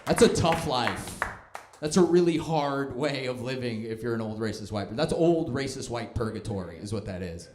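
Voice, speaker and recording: A man's voice: mid-range voice, lively intonation, normal speed, noisy background. A young man doing a stand-up comedy set, with a dry, self-deprecating and mocking delivery. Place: comedy club stage. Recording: echoey club room.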